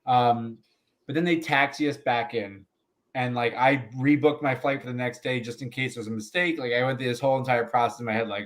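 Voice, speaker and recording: Comedian guest, male, loose profane storyteller, average pitch, chatty podcast delivery. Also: brisk. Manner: profane, animated anecdote-telling with laughs.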